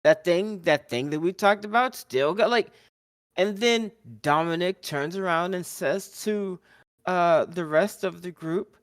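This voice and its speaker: A man on a podcast, talking slowly in a clean, smooth voice with a slightly higher pitch. He recaps wrestling in casual chat, animated and quick to laugh, and he often acts out the wrestlers' lines. The sound is dry and close. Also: dry recording. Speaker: podcast co-host.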